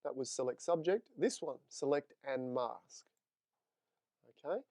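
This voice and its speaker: Upbeat male photo tutor, crisp clear voice. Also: mid-range voice, animated, a little slow, darkish tone, no room sound, clean studio sound. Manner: friendly, chatty, talks to live viewers. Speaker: photography instructor. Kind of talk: live screen-share tutorial.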